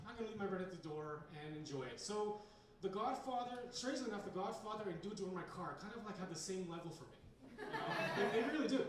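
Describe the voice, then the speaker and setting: A man's voice: high voice, slight background noise. A man performing a stand-up comedy set at a bar's comedy night, talking in a rambling, hesitant way with lots of fillers. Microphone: handheld recorder in the audience. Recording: echoey bar room from far off.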